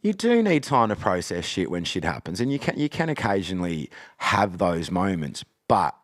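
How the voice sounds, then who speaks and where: A man in his forties talks in a deep, low voice, dropping swear words all through his casual podcast chat. He keeps checking in with "you know what I mean". The sound is dry and close, with no room echo. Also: sing-song, moderate pace. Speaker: podcast guest, rapper.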